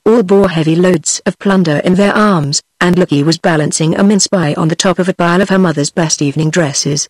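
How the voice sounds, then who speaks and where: A computer-generated woman's voice with a British accent, reading a fairy tale aloud in an even synthetic manner. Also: fairly low pitch, fairly quick, few pauses, dry recording. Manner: even synthetic reading of all parts in one voice. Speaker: narrator. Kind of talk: text-to-speech audiobook reading.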